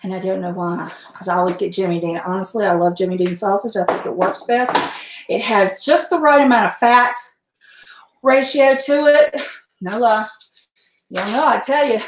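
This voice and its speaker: This middle-aged woman hosts a cooking livestream in her home kitchen, keeping the chat casual and salty and laughing frequently. She speaks at a medium pitch and normal speed; the room is echoey and there is slight background noise.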